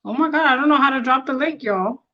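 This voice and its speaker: A woman hosting a casual live stream, excitable and quick to laugh, flustered as she works out the tech on her tablet. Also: sits high, highs cut off. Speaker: livestream host.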